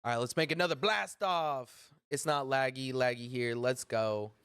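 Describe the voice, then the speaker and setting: A man's voice: mid-range voice, moderate pace, fairly bright tone, clear, resonant tone, no echo. Man chatting on a dry livestream. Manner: rambling, talking to chat while fixing stream lag. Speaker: livestream host. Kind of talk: casual livestream chat.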